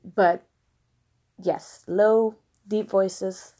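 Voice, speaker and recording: A woman's voice: mid-range voice, unhurried, darkish tone. A woman from the American South reading listener questions aloud and answering them frankly, with laughing asides. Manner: frank, blunt, giggly asides. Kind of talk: casual question-and-answer monologue. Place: at home with a dog nearby.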